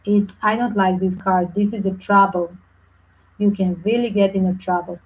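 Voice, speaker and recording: A woman giving a live tarot reading in chatty, animated, English. Her pitch sits in a middle range, and her phrasing carries small slips as she talks viewers through her cards. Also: moderate pace, low-quality recording. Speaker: tarot reader.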